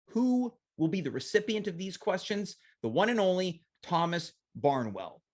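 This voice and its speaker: Playful self-mocking male talk host. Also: sits high. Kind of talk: comedic talk show hosting.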